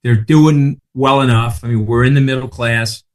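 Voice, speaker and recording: A man's voice: mid-range voice, fairly even intonation, moderate pace. A man in his sixties with a Long Island accent, telling stories as a podcast guest in a brash, emphatic way and swearing freely. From Long Island, New York. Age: 60s. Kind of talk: casual podcast chat.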